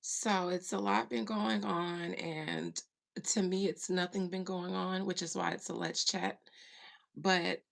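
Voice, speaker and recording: A woman chats slowly and easily with her livestream viewers, her voice carrying a gravelly, fry-edged texture. She drawls through greetings and now and then slips into a breathy whisper. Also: on the low side, animated. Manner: slow, drawling, breaks into soft whispers. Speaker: livestream host and spiritual medium. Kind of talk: casual livestream chat.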